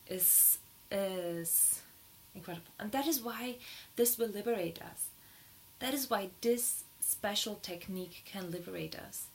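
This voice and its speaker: A woman, not a native English speaker, giving a spiritual teaching in an earnest way, her voice rising high and excited when she is moved. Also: slight background noise, poor audio. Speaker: dharma teacher.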